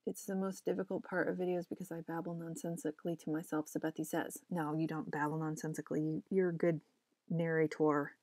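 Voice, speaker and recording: Young woman, chatty comic-artist vlogger, talks to herself while drawing, rambling and self-mocking, lower voice. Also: flat delivery, fairly quick, a little mellow, no room sound. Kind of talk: casual chat while drawing.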